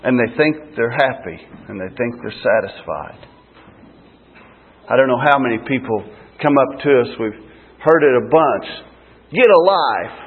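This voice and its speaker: A man preaching a sermon, slow and emphatic with dramatic pauses. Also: medium pitch, breathy edge. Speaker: street preacher. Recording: tinny phone-like lo-fi sound.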